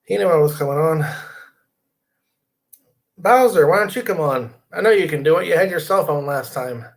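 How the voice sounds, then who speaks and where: A man's voice: on the high side, animated, normal speed, vocal fry. A middle-aged man hosting a casual live stream from his computer desk, rambling, reading viewer comments aloud and inviting people to join.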